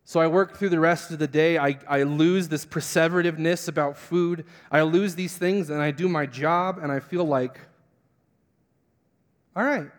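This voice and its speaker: A young man, a pastor, telling a funny self-mocking story in a sermon and acting out the voices with big jumps in pitch. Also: steady tone, normal speed, hardly any pauses. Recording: long hall reverb.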